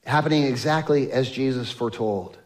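A man preaching a sermon, emphatic, swinging from exclamations to hushed tones. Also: medium pitch, fairly quick. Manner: acts out quoted speech of biblical figures.

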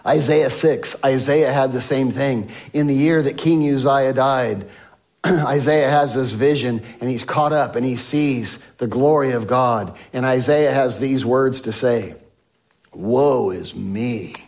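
A man preaching a sermon, telling a Bible story and acting out the voices of the people in it, dropping from loud to hushed. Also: medium pitch, fairly even intonation, a little slow. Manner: swings from loud emphasis to soft hushed lines. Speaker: pastor.

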